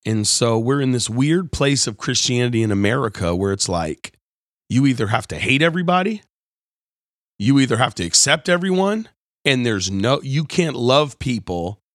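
A man giving a conversational, storytelling sermon as host of his show, moving between quiet reflection and animated retelling. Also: medium pitch, no echo, clean studio sound. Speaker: pastor. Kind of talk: sermon-style talk.

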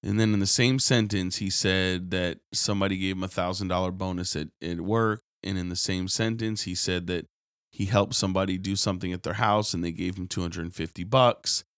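A low-pitched man delivers a sermon like a radio message, shifting between earnest teaching and animated stories. He imitates complaining people in a high, whiny voice. The recording is close and dry, with no room sound. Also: fairly quick, clear, resonant tone, dry recording. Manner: animated storytelling, mimics others in a high whiny voice. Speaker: preacher.

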